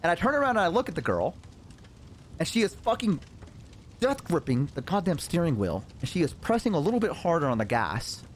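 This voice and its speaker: A man's voice: sits high, slight background noise. A man streaming as a VTuber, telling a personal story in a casual, rambling way, swearing often. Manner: animated, profane, rambling with fillers.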